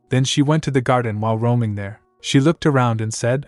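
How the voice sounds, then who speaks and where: A man's voice: medium pitch, brisk, few pauses, dry recording. Male recap narrator, mid-range voice, dry close sound, faint music under.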